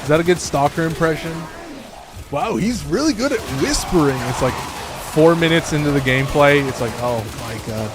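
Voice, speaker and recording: A man's voice: on the high side, animated, moderate pace, over music. A man streaming a game, talking casually with lots of fillers and restarts. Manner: rambling, full of fillers and restarts. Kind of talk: casual gameplay commentary.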